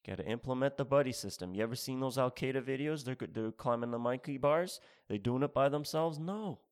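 Male stand-up comic, sarcastic and rambling, mid-pitched, loves to repeat his punchlines. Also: a little fast. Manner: rambling, sarcastic, with mock instructions and repeated phrases. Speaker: stand-up comedian. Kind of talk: stand-up routine.

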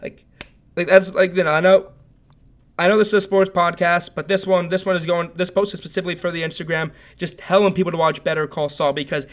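A man's voice: high voice, fairly even intonation, quick pace. Rambling man hosting a sports podcast. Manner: rambling, full of fillers and restarts. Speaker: podcast host. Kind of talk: casual solo sports podcast talk.

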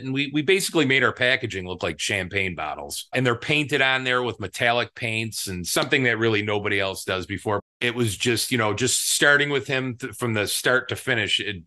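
A man who is a guest and business owner, telling a story in an excited, rambling way and acting out what people said. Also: mid-range voice. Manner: excited, rambling, acts out quotes. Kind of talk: storytelling in an interview.

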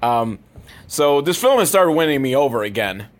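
A man's voice: medium pitch, moderate pace. Male movie reviewer, dry and sarcastic, cursing through a rambling plot recap. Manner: profane, deadpan, rambling with asides.

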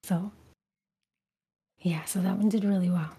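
A woman from Brooklyn with a softened New York accent, a guest talking in a whispered role-play style on an ASMR podcast. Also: mid-range voice, fairly even intonation, a little slow, breathy edge. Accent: neutralized New York. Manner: soft whispered chat with frequent laughs.

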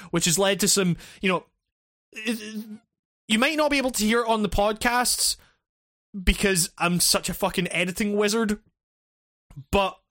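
High-voiced rambling podcast host. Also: male voice, a bit bright, no room sound, clean studio sound. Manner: rambling, swears often, laughs a lot. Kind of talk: casual podcast chat. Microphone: remote call.

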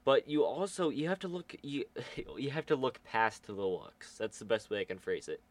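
A teenage boy with a mid-range, expressive voice chats casually at a moderate pace. He tells a rambling school story filled with many fillers.

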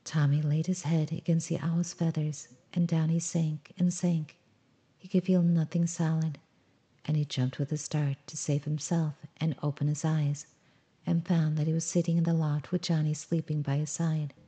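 Female storyteller for a bedtime tale: soft, low, even delivery, dark warm tone. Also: normal speed. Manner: soft, gentle, addresses the listener as sweet one.

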